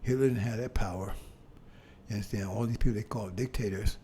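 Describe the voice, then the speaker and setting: A man delivering a sermon in a loose, conversational way, his voice mellow and warm. He keeps checking in with his listeners and restarts his phrases before pressing a point. A faint ambient hum sits behind him. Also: on the low side, fairly even intonation. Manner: conversational, repeats "see?" to the congregation; halting restarts, bursts of emphasis. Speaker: preacher.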